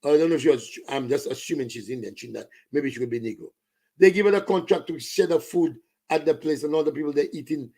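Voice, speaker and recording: Saint Lucian man, fiery political rant, raised pitch, gravelly edge. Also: fast, mellow. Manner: ranting, switching into Creole and French. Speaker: political commentator.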